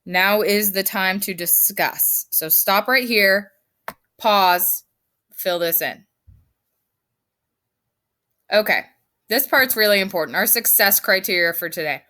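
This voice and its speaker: A woman's voice: medium pitch, takes it slowly, long pauses, pushed and bright. A woman teaching her fifth grade class in a recorded lesson, firm and emphatic as she explains step by step.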